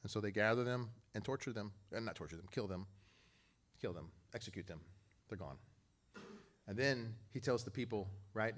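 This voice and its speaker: Animated man preaching a lively sermon. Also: normal speed, long pauses. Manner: animated storytelling, acting out quotes with jumps in pitch and volume; conversational, joking asides to the congregation. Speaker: pastor.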